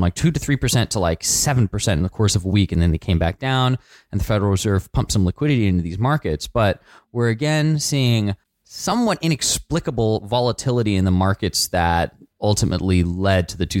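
A man with a fairly low voice explains markets step by step in a conversational tone. The sound is dry and close, with no room around it. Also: no echo. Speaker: co-host explaining finance. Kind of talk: casual explanatory chat.

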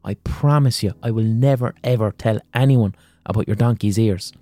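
A man's voice: on the low side, moderate pace, dark tone, dry recording, natural voice. An Irish man voicing a frightened barber who pleads for his life in a folk tale he is retelling. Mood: pleading. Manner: begging, earnest.

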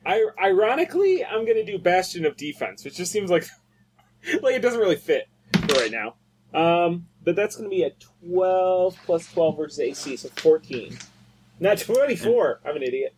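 A man's voice: high-pitched, very animated, moderate pace, noisy background. A man playing a tabletop role-playing game, chatting casually and laughing often. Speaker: player.

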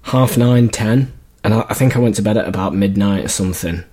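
Husky English co-host, blunt. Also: male voice, fairly low pitch, fairly quick, warm tone. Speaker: podcast co-host. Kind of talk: casual chat.

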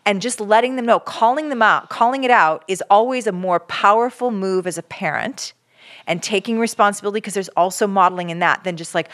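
A woman co-hosting a parenting podcast, explaining advice in an earnest, measured way. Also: medium pitch, fairly bright tone. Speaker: parenting expert co-host. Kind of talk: advice conversation.

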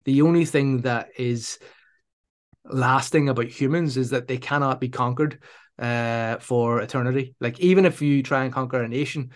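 Calm, deliberate male therapist. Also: medium pitch. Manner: calm, deliberate, reflects the other person's words back. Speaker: sport psychology trainer and therapist. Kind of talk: measured explanatory interview talk.

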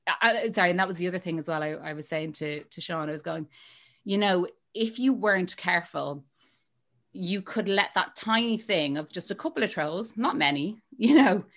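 A chatty woman in her thirties, talking as a podcast guest. Her voice sits a little low, and she laughs easily and restarts her sentences often. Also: animated, normal speed, a bit bright. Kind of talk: casual interview chat.

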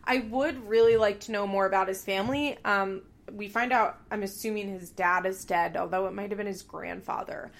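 A woman's voice: medium pitch, normal speed, few pauses. A woman giving a casual, candid recap of a reality TV episode, swearing freely as she talks.

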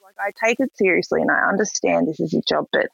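A young woman tells her story in a gravelly, husky voice, jumping into quoted lines with lively energy. The recording is dry and a bit dull. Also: on the low side, quick pace, no echo. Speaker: guest. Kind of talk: casual storytelling.

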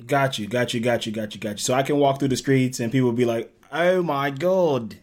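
A man's voice: medium pitch, fairly even intonation, fast, noisy background. A man with an American accent, guest comedian chatting loosely on a podcast and laughing as he jokes. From United States. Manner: laughing, loose and joking, Southern-tinged "y'all" talk. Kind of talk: casual podcast chat.

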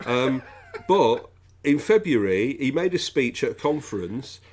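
A man's voice: medium pitch, sing-song, a little slow, darkish tone. A man hosting a podcast, chatting casually about politics in a jokey, rambling way. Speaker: podcast host.

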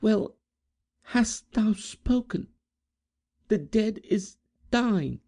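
A man's voice: sits high, animated, very slow, vocal fry, mellow, voice pushed up, exaggerated voice. A man doing a fragile grieving young woman, Edith. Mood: mournful, solemn. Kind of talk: audiobook character reading.

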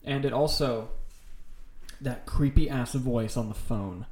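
A man's voice: mid-range voice, slow pace, darkish tone. A man co-hosting a casual podcast, talking about horror films with enthusiasm and a lot of swearing. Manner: enthusiastic, rambling, swears freely. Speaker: podcast co-host. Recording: roomy echo.

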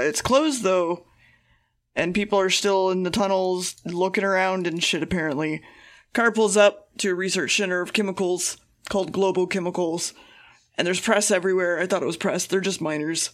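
A woman co-hosting a podcast, giving a casual, rambling and profane recap of an episode. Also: medium pitch. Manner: profane and rambling, acting out quotes. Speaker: podcast co-host.

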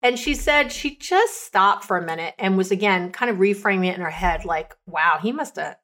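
Woman, podcast host, coach, casual, chatty, animated, mid-pitched voice. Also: a little fast. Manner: chatty, animated retelling of client stories; lots of "like" and "you know" fillers.

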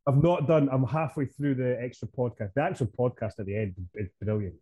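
A man's voice: medium pitch, lively intonation, a little fast, warm tone, breathy edge, dry recording, muffled recording. A man co-hosting a podcast, chatting casually and praising things with enthusiasm. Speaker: podcast co-host. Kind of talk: casual chat.

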